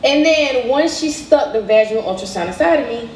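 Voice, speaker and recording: A woman's voice: sits high, animated, brisk, darkish tone, distant mic, slight background noise. Young Southern woman telling a story. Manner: conversational, retells dialogue. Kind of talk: storytime narration. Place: played clip inside a reaction video. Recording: echoey clip heard from afar.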